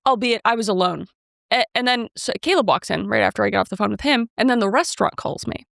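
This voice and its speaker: A woman's voice: mid-range voice, fast talker, gravelly, fairly bright tone, no room sound, clean studio sound. A woman co-hosting a podcast, telling a rambling, self-mocking story in casual chat and quoting herself and others. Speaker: podcast co-host.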